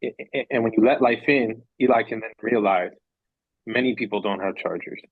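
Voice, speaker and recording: A man's voice: fairly low pitch, fairly quick, slightly rough, dry recording, phone-quality sound. A man talking as a podcast guest in a reflective, casual way, earnest and rambling, repeating phrases for emphasis.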